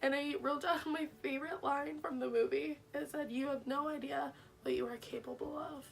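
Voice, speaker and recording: A woman's voice: sits high, fairly even intonation, moderate pace, creaky, recorded from a distance. A young woman vlogger reading her old diary aloud in a casual, self-mocking, wry way, laughing at herself.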